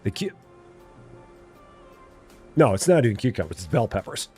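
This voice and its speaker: A man's voice: lowish voice, very animated, moderate pace, darkish tone, breathy edge, soft background music. A man from Illinois hosting a live game stream, chatting playfully and answering viewers. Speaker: live-stream gamer host. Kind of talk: casual live-stream chat.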